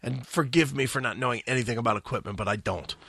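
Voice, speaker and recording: A man's voice: mid-range voice, fast, creaky, a bit bright, slightly rough, no room sound, studio quality. A man hosting a radio talk show, telling a long profane story and acting out the quotes. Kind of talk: casual storytelling.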